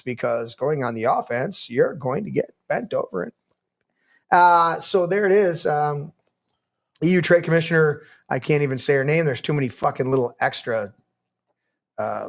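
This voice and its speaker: A male podcast host rants casually while reading news articles aloud. His voice sits somewhat high, and he rambles, swears and trips over his words.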